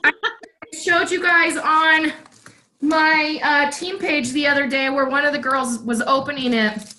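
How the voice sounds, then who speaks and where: A woman on a casual livestream showing a product to her sales team, chatty with excited asides. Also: sits high, unhurried, slight background noise, low-quality recording.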